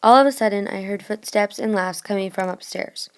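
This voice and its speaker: Woman narrator, casual first-person retelling, mid pitch. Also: fairly quick, clean tone. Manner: casual, plain reading. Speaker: storyteller.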